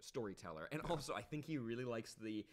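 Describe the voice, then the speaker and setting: Man co-host, loose rambling podcast chat, mid-pitched everyday voice. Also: lively intonation, fast talker. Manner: rambling, full of fillers.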